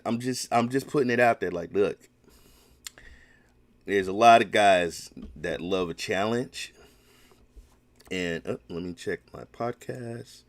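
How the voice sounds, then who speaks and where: A man's voice: on the low side, no echo. A man hosting a casual solo gaming podcast, rambling and emphatic, with many restarts.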